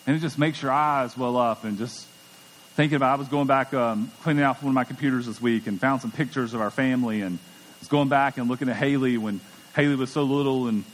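A man's voice: mid-range voice, fairly even intonation, brisk. A middle-aged man preaching a sermon as pastor, conversational and emphatic, often repeating words as he goes. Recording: long church hall reverb.

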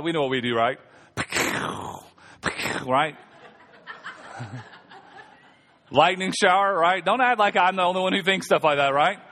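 A man preaching a sermon as pastor, reading scripture and joking with the congregation. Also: high-pitched. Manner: joking, animated preaching with audience asides. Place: church sanctuary. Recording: long reverb of a church hall.

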